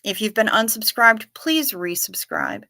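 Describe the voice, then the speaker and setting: Bright-voiced woman hosting a casual livestream. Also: mid-range voice, wildly swooping pitch, unhurried, gravelly, no echo, clean studio sound. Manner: chatty, reads viewer comments aloud and answers them. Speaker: livestream host.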